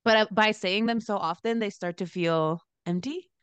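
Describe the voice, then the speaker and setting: A young woman co-hosting a podcast, telling a story in a chatty, animated way with lots of fillers. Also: moderate pace, smooth, no room sound. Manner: animated storyteller, lots of "like", laughs into high pitch. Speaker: podcast co-host, dancer. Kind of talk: casual chat, storytelling.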